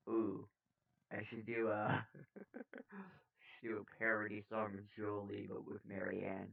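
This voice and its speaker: A man hosting a political video, reading out poll figures in a slow, halting way and correcting himself as he goes. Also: fairly low pitch, completely flat delivery, vocal fry. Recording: tinny phone-like sound from far off.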